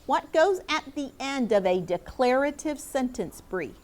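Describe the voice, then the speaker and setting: A middle-aged woman teacher with a somewhat high voice leads a classroom lesson. She speaks clearly and encouragingly, reading sentences aloud and calling on students by name. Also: big pitch swings, unhurried, a little mellow.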